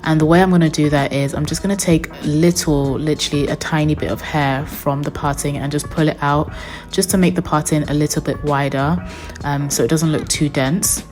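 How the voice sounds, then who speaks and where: Low-voiced chatty woman, faint music. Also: steady tone, brisk, darkish tone. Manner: chatty, upbeat, speaks straight to viewers. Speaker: beauty vlogger. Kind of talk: voice-over for a wig install tutorial.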